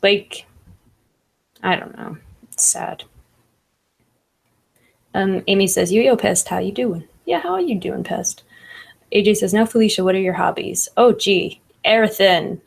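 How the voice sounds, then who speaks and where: Chatty woman with a gravelly edge. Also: medium pitch, lively intonation, measured pace, pauses often. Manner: laughs often, fillers like "like" and "I don't know". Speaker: livestream host reading chat. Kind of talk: casual chat.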